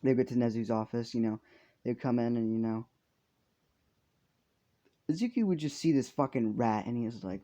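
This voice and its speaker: A young man improvising a story out loud, rambling with constant fillers and casual swearing. His voice is mellow and dark. The recording is dull and lo-fi. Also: mid-range voice, a little fast.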